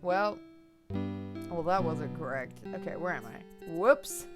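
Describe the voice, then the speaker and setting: A woman's voice: lowish voice, expressive, takes it slowly. Chatty woman streaming a game. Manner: chatty, self-deprecating, giggly. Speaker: let's play streamer. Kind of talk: casual game commentary. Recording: guitar music behind.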